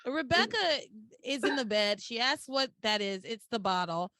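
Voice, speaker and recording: A woman hosting a podcast, recapping in casual chat as an animated storyteller with exclamatory asides. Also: fairly high pitch, moderate pace, no room sound, clean studio sound. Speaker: podcast host.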